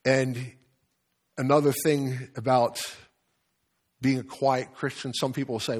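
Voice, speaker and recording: A man preaching a sermon in an animated storytelling manner. He repeats words and chuckles as he speaks. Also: mid-range voice, a little slow. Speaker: pastor.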